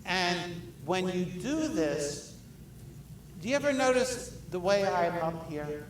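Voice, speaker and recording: A man's voice: high voice, very animated, takes it slowly, reverberant, distant mic, a little hiss or hum, low-quality recording. A man preaching a sermon in a conversational way, often putting questions to his listeners. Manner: conversational, asks the congregation many questions. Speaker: pastor.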